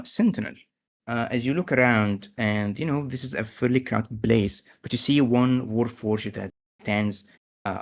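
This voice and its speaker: Gravelly low-voiced game master. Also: male voice. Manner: hesitant, many fillers. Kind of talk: narrating a tabletop game.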